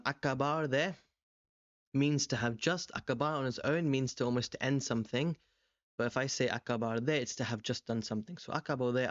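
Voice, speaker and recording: A young man tutoring, walking through an exam question in a relaxed, rambling way with many ums and self-corrections. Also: medium pitch, dry recording, lo-fi sound. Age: young adult. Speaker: language tutor. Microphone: desk microphone beside a webcam.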